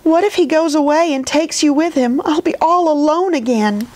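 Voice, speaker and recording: A woman voicing a lonely, tearful little girl doll in a storybook, with a high, pleading, childlike voice. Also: very animated, measured pace, husky, heavily acted. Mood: frightened.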